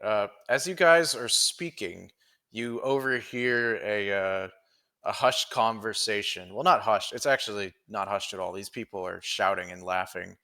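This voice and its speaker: A man's voice: fairly low pitch, measured pace, bright, forceful tone. A man narrating a tabletop game as game master, rambling and cursing casually as he describes the scene. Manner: rambling, profane, chuckling.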